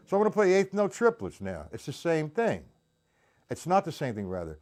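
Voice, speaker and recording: A man's voice: on the high side, big pitch swings, normal speed, over loud music. A man giving a live-streamed drum lesson, counting beats aloud and greeting his viewers between examples. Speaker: drum teacher. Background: drums played while talking.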